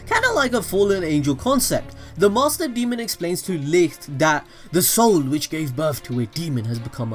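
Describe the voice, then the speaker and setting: An energetic man hosts a casual manga review, rambling enthusiastically through his theories. His voice sits fairly high for a man, and faint music plays underneath his talk. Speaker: anime channel host.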